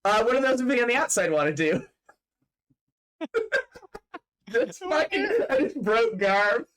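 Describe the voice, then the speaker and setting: A man's voice: very high voice, big pitch swings, measured pace, a bit bright. A man running a tabletop game as game master, narrating in a loose, casual way, laughing, swearing freely and filling his talk with "like" over an online voice chat mic.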